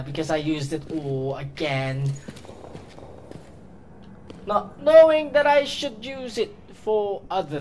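A woman hosts a horror game let's play, talking her way through every room and yelping when something moves. Her voice sits a little low but swings widely in pitch. She thinks out loud, with plenty of fillers along the way. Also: slight background noise. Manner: excitable, chatty, shrieks when startled; thinks aloud with fillers and self-talk. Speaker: gaming video host.

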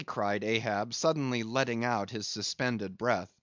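A man narrating a classic novel in a measured, steady audiobook reading. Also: fairly low pitch, no room sound, lo-fi sound. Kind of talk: scripted narration.

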